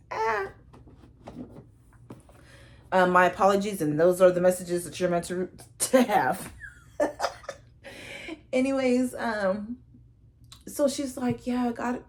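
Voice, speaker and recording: Rambling, heartfelt woman storyteller. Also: fairly low pitch. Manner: rambling, heavy use of fillers like "like" and "you know"; earnest, heartfelt and a little emotional. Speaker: tarot reader sharing a personal story. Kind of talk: casual storytelling to viewers.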